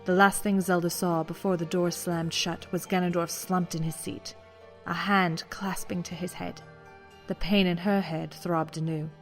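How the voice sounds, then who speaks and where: A man giving dramatic scripted audiobook narration, dropping to a hush at tense moments. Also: sits high, flat delivery, moderate pace, soft background music.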